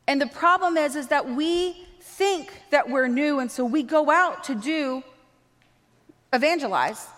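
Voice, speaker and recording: A woman preaching a sermon, animated and acting out quoted dialogue as she speaks. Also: sits high, a little slow. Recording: long reverb of a large hall.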